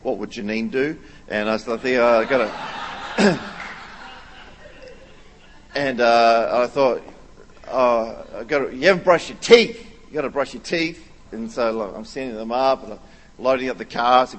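A man in his thirties preaching a sermon as a pastor, telling stories animatedly and at times rising almost to a shout. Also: medium pitch, unhurried. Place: large church hall. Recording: long reverb of a large hall.

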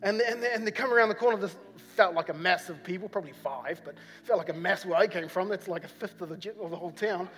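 High-voiced New Zealand pastor telling a story. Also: male voice, fast, few pauses, a bit bright. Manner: rambling, repeats himself, frequent fillers. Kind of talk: sermon storytelling. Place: church hall. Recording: long church hall reverb with faint music.

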